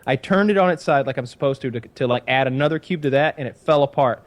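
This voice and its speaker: A man's voice: mid-range voice, quick pace. A man hosting a podcast, ranting about his frustrations in a casual, rambling way with lots of swearing. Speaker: podcast host. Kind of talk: casual chat.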